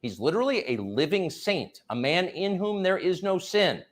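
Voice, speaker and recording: A man's voice: sits high, sing-song, moderate pace. A man delivering a sarcastic, mocking political monologue as a commentary host.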